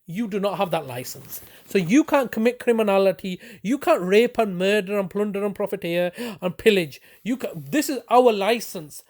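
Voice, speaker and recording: A man's voice: high-pitched, animated, moderate pace, few pauses, a little mellow. A man with a British accent delivering an angry, accusing monologue, sarcastic and stumbling over restarts. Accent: British English. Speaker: complaining relative.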